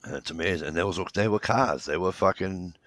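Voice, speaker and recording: A man's voice: deep voice, fairly quick, a bit bright, no echo. A man in his fifties in rambling casual chat, swearing freely as he tells stories. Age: 50s. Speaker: podcast co-host.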